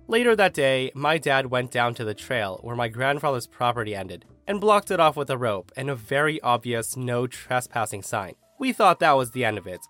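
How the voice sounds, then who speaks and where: Man, story narrator, animated pitch, sarcastic asides, faint music behind. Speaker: narrator reading online stories.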